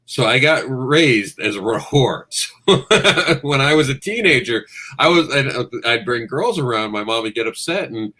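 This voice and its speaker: A man's voice: medium pitch, lively intonation, normal speed, pushed and bright. A middle-aged man from Queens, New York, a comics guest telling friendly, self-deprecating stories in a casual chat. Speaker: guest comics writer and publisher.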